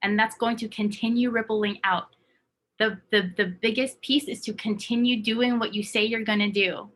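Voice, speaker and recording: A woman's voice: a little high, steady tone, normal speed, fairly bright tone. A woman coaching her team in a motivational talk, emphatic and acting out her own inner voice.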